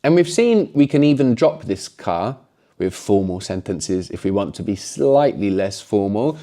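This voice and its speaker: Low mellow male voice, animated intonation, patient language teacher, tags points with "no?". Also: moderate pace. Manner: explains patiently, often ends points with a questioning "no?". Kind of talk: guided language lesson.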